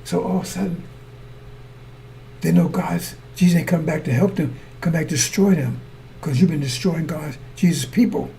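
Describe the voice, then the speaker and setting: Male preacher, fairly high gravelly voice, repetitive sermon delivery to the congregation. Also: moderate pace, warm tone, a little hiss or hum. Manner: repetitive, asks listeners to follow along; addresses congregation as brothers and sisters.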